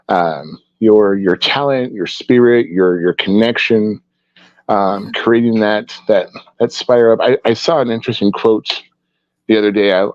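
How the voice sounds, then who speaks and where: A man's voice: lowish voice, no room sound. A man, a guest artist, chatting in an interview and telling rambling stories full of restarts. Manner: rambling, warm storytelling with restarts. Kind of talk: casual interview chat. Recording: dull, dry lo-fi sound.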